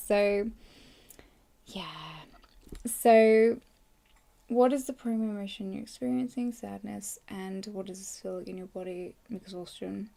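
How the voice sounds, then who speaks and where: A woman, hoarse, hosting a casual live journaling session on a podcast in a rambling, chatty way with lots of fillers. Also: medium pitch, flat delivery, a little slow, dark tone. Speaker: podcast host.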